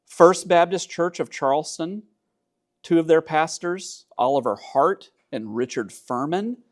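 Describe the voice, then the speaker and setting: A man's voice: fairly high pitch, measured pace. A man teaching church history in a conversational way, with dry asides and frequent fillers, from Georgia.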